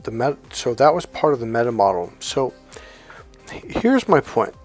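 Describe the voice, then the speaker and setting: A man's voice: medium pitch, sing-song, unhurried, soft background music. Man coaching, acting out client quotes. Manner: conversational, acts out quotes of clients. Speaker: life coach. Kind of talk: casual teaching talk.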